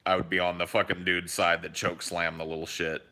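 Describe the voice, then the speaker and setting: Young male podcast co-host, bright and punchy, lower-pitched, animated swearing storyteller. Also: a little fast. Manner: animated storyteller, swears freely, acts out quotes. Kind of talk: casual podcast chat.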